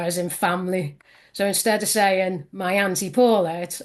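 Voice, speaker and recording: Liverpool woman with a soft scouse lilt, chatty guest, lots of ums. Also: medium pitch, steady tone, moderate pace. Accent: soft south Liverpool Scouse. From Liverpool, England. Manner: sing-songy, chatty, many fillers. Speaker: interview guest. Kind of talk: casual interview chat.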